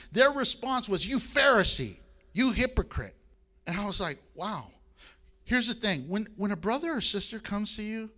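A male pastor preaching a sermon, reading scripture aloud and moving between loud emphasis and quiet asides. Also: high voice.

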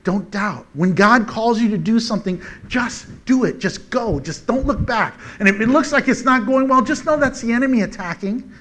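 A man preaching a conversational sermon in a folksy, animated way, chuckling often between points. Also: very high-pitched, normal speed, few pauses.

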